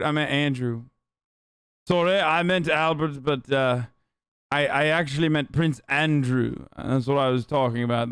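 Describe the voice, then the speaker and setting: A man's voice: fairly high pitch, smooth, no echo. A man in his thirties streaming a reaction, cursing and riffing sarcastically with mock impressions. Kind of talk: casual reaction commentary.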